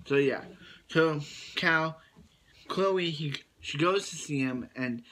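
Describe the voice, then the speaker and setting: A man with a fairly high, slightly bright voice speaks slowly while casually recapping a TV episode. His review rambles, full of restarts and "he's like" retellings.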